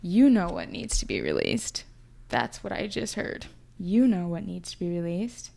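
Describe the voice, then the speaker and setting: Mellow-voiced young woman giving a tarot reading. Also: on the low side, huge pitch swings, unhurried, gravelly. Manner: intuitive, emotional, chatty, thinking aloud. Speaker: tarot reader.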